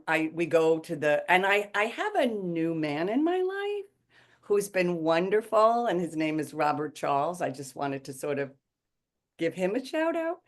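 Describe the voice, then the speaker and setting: A woman with a New York accent, a stage actress telling stories as a podcast guest in a lively, playful, theatrical way. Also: on the low side. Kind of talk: casual podcast chat.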